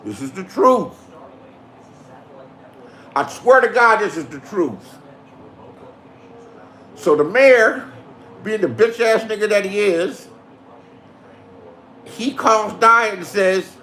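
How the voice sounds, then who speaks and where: A man's voice: high-pitched, animated, measured pace, long pauses, bright, forceful tone, slight background noise. A man telling a profane story in a boastful rant, swearing and insisting that what he says is the truth. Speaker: online show host.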